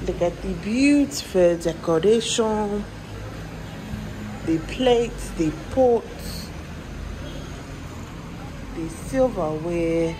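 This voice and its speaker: A woman's voice: mid-range voice, lively intonation, very slow, long pauses, noisy background. A woman putting on a prim, theatrical persona with stiff, formal wording and a French flourish as she gives a tour of a rented apartment. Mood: haughty.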